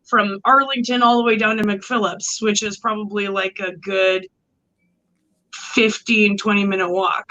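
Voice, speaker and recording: A woman's voice: mid-range voice, steady tone, unhurried, sharp tone, muffled recording. A tired woman, co-hosting a livestream over a phone mic, rambling in casual chat full of "like" and swearing. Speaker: livestream co-host. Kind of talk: casual late-night chat.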